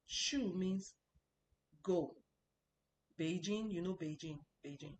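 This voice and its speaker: A woman's voice: lowish voice, takes it slowly, pauses often, slight background noise, poor audio. A woman teaching a Chinese language lesson, explaining patiently and repeating key points, and stressing important words.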